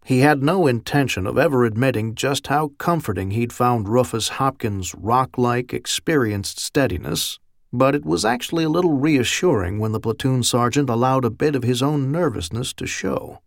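Gravelly male audiobook narrator. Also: mid-range voice, normal speed, no room sound, studio quality. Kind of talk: scripted narration.

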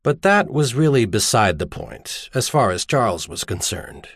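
This is a man's audiobook narration of a novel, delivered with expressive storytelling flair in a medium-pitched, slightly rough voice at a moderate pace. The scripted reading is captured as a dry, clean studio recording.

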